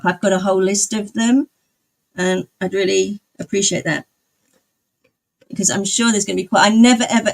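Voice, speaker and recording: A woman live streamer chatting casually with her viewers, rambling and often laughing. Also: mid-range voice. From outside the United States.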